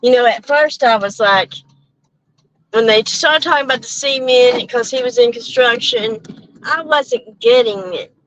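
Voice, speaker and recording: This is a woman with a somewhat high voice who talks slowly to her live stream audience while she drives. She rambles, stops herself mid-sentence, and sounds a little short of breath. Her headset audio comes through dull and low-fidelity. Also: animated, a bit bright, slight background noise. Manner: chatty, rambling, self-interrupting with laughs. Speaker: channel host. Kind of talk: casual live-stream chat with viewers. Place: in a car while driving. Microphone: headphones with mic.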